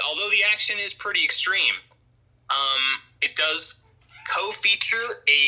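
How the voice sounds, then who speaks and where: A man's voice: on the high side, sharp tone, slightly rough, low-quality recording. A man hosting a podcast, running a playful movie quiz in casual chat. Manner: playful, drawn-out game-show delivery.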